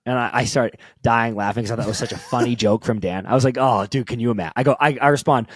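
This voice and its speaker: A young man co-hosting a podcast, telling a story in casual, excited chat, swearing and laughing often. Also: medium pitch, fast talker, no echo. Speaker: podcast co-host.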